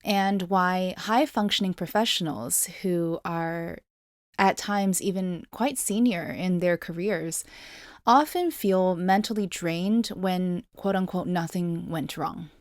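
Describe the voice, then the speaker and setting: A woman hosting a podcast, speaking in a measured, emphatic way as she reflects on past episodes. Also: on the low side, no room sound, clean studio sound. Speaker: podcast host.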